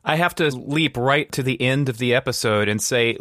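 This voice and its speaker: A man hosting a podcast in casual chat, relaxed and steering the discussion. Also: mid-range voice, moderate pace, few pauses, no room sound, studio quality. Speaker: podcast host.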